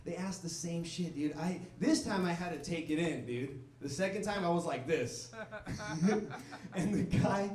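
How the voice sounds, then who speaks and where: High-voiced profane stand-up comedian man. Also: moderate pace, a little mellow, slight background noise. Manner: rambling, profane, laughing through his lines; talks to the crowd. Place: comedy club stage. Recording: echoey room recorded from a distance. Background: laughing crowd.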